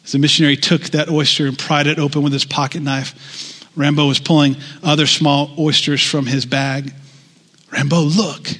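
Male pastor, casual conversational sermon, slightly high voice, reverberant church hall. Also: flat delivery, normal speed, fairly bright tone. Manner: conversational, asks the congregation questions.

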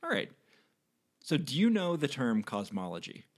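A podcast host chats casually, asking curious questions and nudging the co-host along with encouragement. The pitch moves around a lot. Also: wildly swooping pitch, moderate pace. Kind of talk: casual chat.

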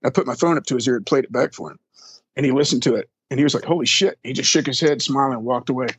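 Husky-voiced man telling road stories. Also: medium pitch, racing, no room sound. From Texas. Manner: rambling, profane, acts out quoted people. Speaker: drum tech. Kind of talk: casual storytelling interview.

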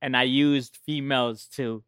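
A man's voice: medium pitch, fairly even intonation, a bit bright, clean tone, no echo. A man in casual podcast chat, playful and joking. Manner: playful, joking, quick to laugh.

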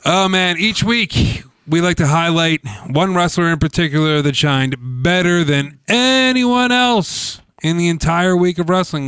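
A man co-hosting a casual wrestling podcast, talking in a lively, joking way. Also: unhurried, few pauses, clear, resonant tone, dry recording. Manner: animated, jokey, reads ad with big pitch swings. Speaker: podcast co-host. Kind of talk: casual wrestling chat with read ad.

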